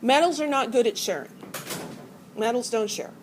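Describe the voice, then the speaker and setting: A woman's voice: on the high side, moderate pace, a little hiss or hum, rough recording. A middle-aged woman teaching a college chemistry class, explaining ideas by acting out atoms as arguing characters. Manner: playful, acts out atoms as characters. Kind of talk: classroom lecture.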